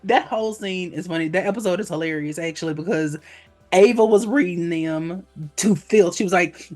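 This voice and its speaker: Woman podcaster chatting, super animated, jumps up and down in pitch doing little voices, faint music under it. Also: moderate pace. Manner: animated, acts out characters with big pitch jumps. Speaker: podcast host. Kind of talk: casual chat.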